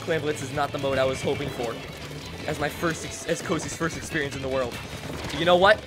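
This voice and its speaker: A young man streaming a video game live, excitable and self-deprecating, talking to his chat as he plays. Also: a little high, brisk, music in the background. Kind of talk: live gameplay commentary.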